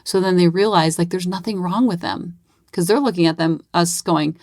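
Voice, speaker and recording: A woman in her forties hosts a parenting podcast alone, telling stories casually and animatedly, acting out bits of quoted dialogue and using lots of "like" fillers. Her voice is fairly low-pitched at a normal speed, with clean studio sound and no echo.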